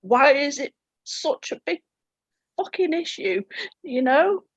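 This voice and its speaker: A woman's voice: high-pitched, slow, gravelly, dry recording. A woman sharing candidly and tearfully in a spiritual group call, swearing freely. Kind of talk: emotional sharing. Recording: dry, muffled audio.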